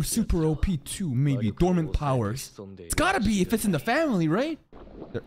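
An anime reaction channel host giving casual, excitable commentary, swearing often and laughing a lot. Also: medium pitch, normal speed.

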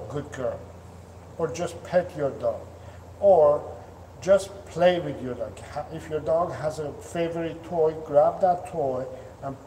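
A man's voice: on the high side, warm tone. A man who trains dogs, giving earnest coaching advice to the camera, with frequent restarts and fillers. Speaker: dog trainer. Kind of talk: instructional talk to camera. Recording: echoey room, distant mic, faint noise.

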